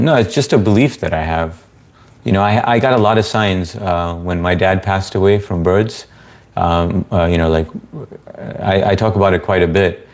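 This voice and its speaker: Deep-voiced male streamer, relaxed rambling chat with viewers. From Indian family background. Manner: laid-back, rambling, many fillers. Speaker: livestream host. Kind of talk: casual live chat reading comments.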